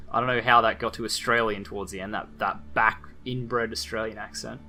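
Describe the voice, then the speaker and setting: A man's voice: medium pitch, brisk, few pauses, bright, forceful tone. A man hosting a let's play, giving casual commentary with wry, jokey asides and reading in-game text aloud.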